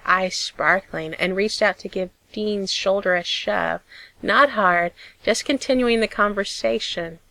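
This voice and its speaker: Woman narrator, mid-pitched, measured and expressive; dry booth sound, no room. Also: dry recording. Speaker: audiobook reader. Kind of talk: storytelling narration.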